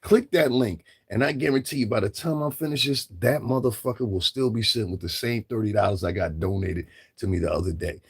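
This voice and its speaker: Talking a little fast with hardly a pause, this middle-aged man rants on his livestream, swearing, picking fights, and repeating lines for emphasis. His voice sits lowish and carries a breathy edge.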